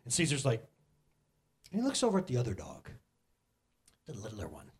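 A man's voice: medium pitch, wildly swooping pitch, brisk, a crowd in the background. A middle-aged man preaching a casual, conversational sermon, joking and talking straight to the congregation. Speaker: pastor.

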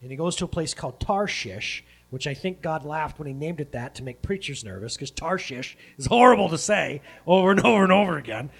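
A man's voice: fairly high pitch, animated, fairly quick, hardly any pauses, a bit bright, slightly rough. A man preaching a casual sermon, retelling a Bible story with jokes and playful asides and often breaking off to correct himself. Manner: self-correcting, breaks off mid-sentence.

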